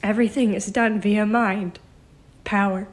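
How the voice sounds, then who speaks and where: A shaken, emotional woman speaking haltingly as a psychic, often dropping into a whisper. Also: mid-range voice, fairly even intonation. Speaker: self-described psychic vlogger. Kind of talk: emotional spoken channeling.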